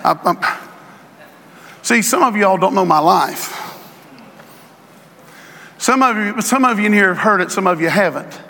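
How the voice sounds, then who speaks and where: High-voiced man preaching a fervent sermon. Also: animated, a little hiss or hum. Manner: fervent preaching, drawn-out emphatic phrases, rising to shouts. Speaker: pastor. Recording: long hall reverb.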